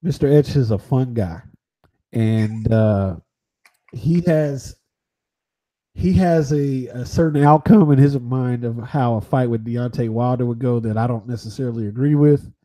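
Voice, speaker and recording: A man giving his views as a boxing pundit in a casual livestream debate, halting and often restarting. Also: mid-range voice, dark tone.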